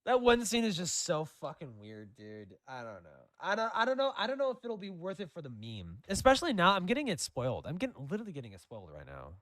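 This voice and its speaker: A man's voice: a little high, huge pitch swings, quick pace, hardly any pauses, fairly bright tone, no room sound, studio quality. A man giving casual gameplay commentary, crude and mocking, laughing often. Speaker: gaming commentator.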